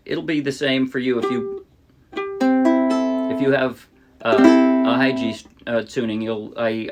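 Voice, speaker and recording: A middle-aged man from the New Jersey area teaching ukulele in a relaxed way, often restarting his sentences and singing short demo lines. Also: medium pitch, vocal fry. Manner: relaxed, explains with restarts and sung demos. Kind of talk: casual music tutorial. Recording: ukulele playing behind.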